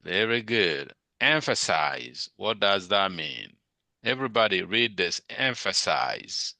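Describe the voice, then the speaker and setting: A man teaching a class, questioning his students over and over about word meanings. His voice is low and gravelly, yet bright and forceful. He speaks slowly, and the sound is dry and close. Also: lively intonation, no echo. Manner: questioning, drilling students on vocabulary. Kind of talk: classroom lecture.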